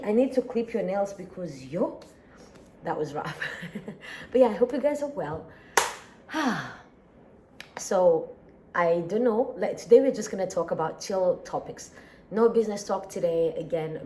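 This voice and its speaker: A sleepy woman with an East African accent rambles through a relaxed daily vlog. Her voice sits low and mellow, soft rather than bright. A faint hum of room ambience lies under it. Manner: relaxed, rambling, sighs and laughs often. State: sleepy and tired. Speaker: daily vlogger. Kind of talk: casual chat.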